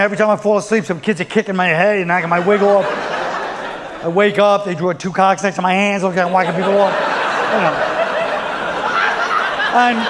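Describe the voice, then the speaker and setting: A man's voice: high-pitched, noisy background. A man doing stand-up comedy, riffing in a rambling, profane, sardonic way and acting out quotes.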